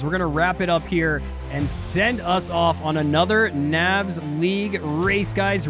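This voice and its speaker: A man hosting a sim racing league live stream, rambling excitedly and talking to his chat. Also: a little high. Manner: hyped, rambling, talks to chat. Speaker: streamer and race league host. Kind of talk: casual live-stream commentary.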